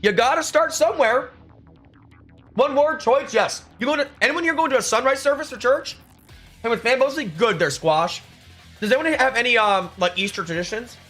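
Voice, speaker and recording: A man's voice: very high voice, lively intonation, normal speed, fairly bright tone, soft background music. A man chatting casually with his live stream chat, reading out and answering messages. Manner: chatty, reads chat aloud, upbeat. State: chewing food at times. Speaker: livestreamer.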